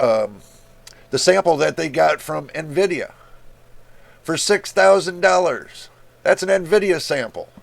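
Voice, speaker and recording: Male tech vlogger, gravelly and a bit high, incredulous blunt rant. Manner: exasperated, incredulous, blunt with swearing. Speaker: tech YouTuber. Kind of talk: casual screen-share rant.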